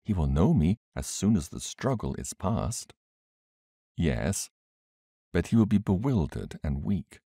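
Male reader as a gentle, sorrowful older brother; very low, dry close read. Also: sing-song, measured pace, creaky, husky, dry recording, full character voice. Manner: gentle and sad. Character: gentle, grave man, a caring older brother.

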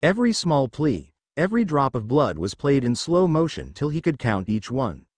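A man reading fan fiction aloud as narrator, in a steady storytelling manner. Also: mid-range voice, moderate pace, no echo.

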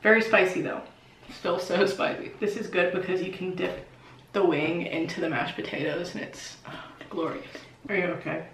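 A woman's voice: on the low side, moderate pace. Chatty young woman in an echoey kitchen. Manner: chatty, bubbly, swears casually. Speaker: cooking vlogger. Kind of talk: casual cooking vlog. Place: home kitchen. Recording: echoey kitchen, clear background noise.

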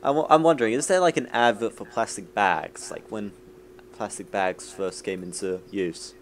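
A man's voice: lowish voice, normal speed. Rambling young man, casual chat. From New Zealand. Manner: rambling, jokey, animated when acting out ads. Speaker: vlog host.

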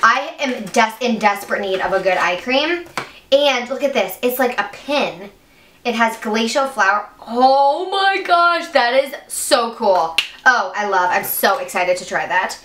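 A woman's voice: a little high, a little slow, a bit bright. A young woman beauty vlogger chatting through an unboxing, gushing and gasping with breathless enthusiasm. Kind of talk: excited unboxing chat. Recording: echoey room, mic at a distance, faint hiss.

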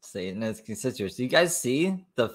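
Man, live reaction commentary, sarcastic asides, mid pitch. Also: big pitch swings, fairly quick.

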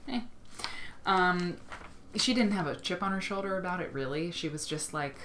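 A woman from Iowa hosting a casual livestream, gushing and rambling excitedly as she shares quilt pictures. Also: sits low, measured pace, pauses often, slight background noise. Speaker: livestream host.

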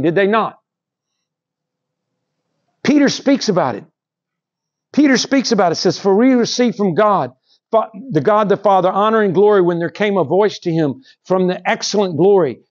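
A high-pitched male pastor delivers a sermon, rising to loud emphasis and then dropping to a near whisper. The recording is dull and lo-fi, like a simple church capture. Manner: dramatic preaching with wide swings between loud and hushed.

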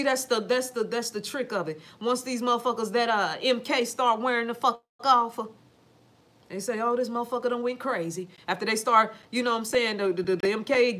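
A woman holds forth from home, speaking straight to her audience in a loose, emphatic monologue. She swears freely and leans hard on her points, her voice sitting a little high for a woman. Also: fairly quick, a bit bright. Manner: emphatic, swears freely, addresses viewers directly. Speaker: livestream talker reading viewer comments. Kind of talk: casual profane livestream monologue.

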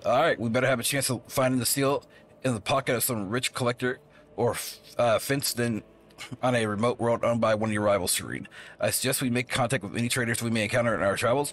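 A man reading the lines of a smooth-talking, scheming woman trader in a wheedling, flowery way. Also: mid-range voice, fairly bright tone, lightly acted.

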